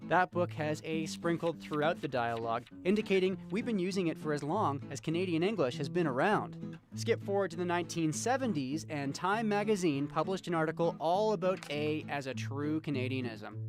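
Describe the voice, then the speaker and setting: Man narrating a feature segment. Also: fairly high pitch. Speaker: feature reporter. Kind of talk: scripted narration.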